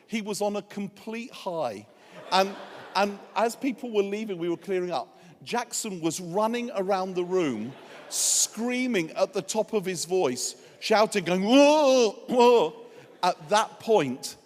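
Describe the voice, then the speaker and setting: Male guest preacher, high voice, anecdotal and earnest, long church reverb. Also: animated, measured pace. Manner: humorous storytelling turning earnest. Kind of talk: sermon. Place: church hall.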